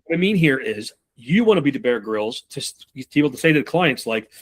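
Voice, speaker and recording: A male sales trainer speaks to a room in a quick, loose, profane style. His voice sits at an ordinary pitch and he rattles through scenarios fast, slipping into short acted exchanges between reps and their buyers. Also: breathy edge. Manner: animated, profane, acts out buyer and rep dialogue. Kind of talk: live sales training talk.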